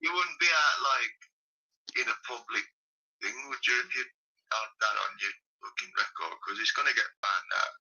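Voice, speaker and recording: Brief: blunt, swearing man in casual talk, husky and bright, muffled recording. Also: medium pitch, animated, moderate pace. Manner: profane, blunt. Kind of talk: casual chat. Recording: muffled lo-fi audio.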